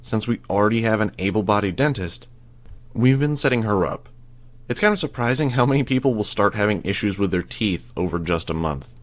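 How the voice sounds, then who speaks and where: A man voicing a terse, guarded young woman hero in an audiobook, speaking in a flat, understated way. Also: lowish voice, fairly quick, lightly acted.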